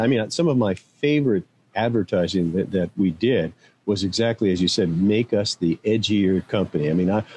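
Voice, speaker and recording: An older man with a mellow, low voice tells rambling anecdotes as an interview guest, chuckling at his own stories. A faint hum of noise sits under his voice. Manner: rambling anecdotes with self-amused laughs. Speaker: interview guest, former executive. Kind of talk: casual interview storytelling. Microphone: own microphone, remote.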